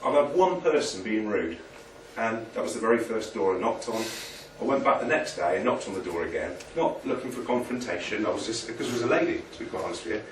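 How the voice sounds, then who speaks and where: A man's voice: on the low side, lively intonation, quick pace, few pauses. A chatty, self-deprecating man giving a motivational talk to a live audience. His voice is heard from some distance off the mic, with the room's echo around it and a faint hum of ambience behind him. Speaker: presenter. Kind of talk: informal business presentation. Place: meeting room with an audience. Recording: echoey room, picked up from a distance.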